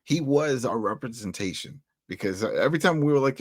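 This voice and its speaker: Guy recapping a tv episode with his buddy, lively up-and-down voice, dry close sound. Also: mid-range voice, fairly quick, few pauses, no echo. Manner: animated, laughs a lot, acts out scenes in quoted voices. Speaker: podcast co-host reviewing a TV episode. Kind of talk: casual chat.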